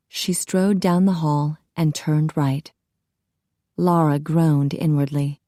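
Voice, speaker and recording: Woman reading an audiobook, lowish mellow voice, dry close mic. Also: fairly even intonation, slow pace, no room sound. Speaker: audiobook narrator. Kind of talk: scripted narration.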